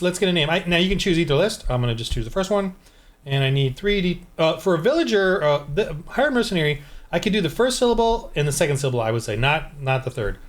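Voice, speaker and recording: Higher-voiced man thinking aloud over dice rolls. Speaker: tabletop game designer. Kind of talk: casual solo game-prep walkthrough. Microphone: desk microphone.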